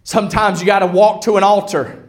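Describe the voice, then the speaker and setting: A male pastor preaching a sermon in church, building to loud, bold passages with dramatic pauses. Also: high voice, steady tone, slight background noise. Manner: self-described introvert. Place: church sanctuary.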